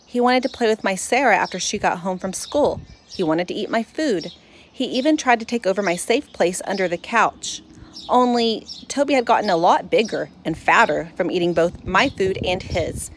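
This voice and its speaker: A woman narrating a children's storybook in first person, expressive and lively. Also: mid-range voice, moderate pace, slight background noise.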